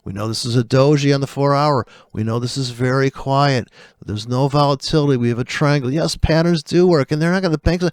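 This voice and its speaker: A man's voice: medium pitch, fairly quick, smooth, no echo, clean studio sound. A trader ranting over live charts, profane and sarcastic as he mocks other traders.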